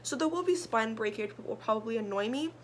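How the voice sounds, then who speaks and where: A young woman with a slightly high voice talks through her reading list in a chatty, rambling way. She piles on fillers and restarts as she goes. A faint hiss of background noise sits under her voice. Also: expressive, fast. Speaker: book vlogger. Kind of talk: casual chat.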